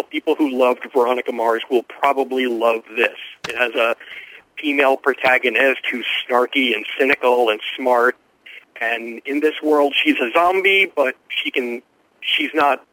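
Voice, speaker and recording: Brief: male TV critic guest, brisk enthusiastic explainer, dry close sound. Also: medium pitch, a bit bright, no room sound, low-quality recording. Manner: quick, informed, enthusiastic explaining. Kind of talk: radio interview answers.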